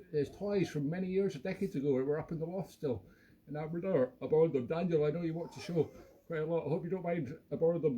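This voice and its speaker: A man's voice: on the high side, dark tone, a little hiss or hum. A man in his fifties hosting a casual live stream from home, chatting playfully and rambling with many restarts. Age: 50s. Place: home room.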